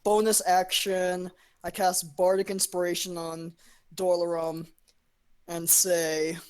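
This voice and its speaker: A woman's voice: lowish voice, flat delivery, takes it slowly, clear, resonant tone. A young woman playing a tabletop game, precise about the rules. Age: young adult. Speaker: player. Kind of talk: casual tabletop role-play.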